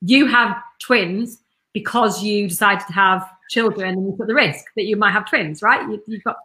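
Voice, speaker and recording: Bright, chatty businesswoman. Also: medium pitch, normal speed. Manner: enthusiastic, talkative, blunt. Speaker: marketing business owner, podcast guest. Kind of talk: casual interview chat.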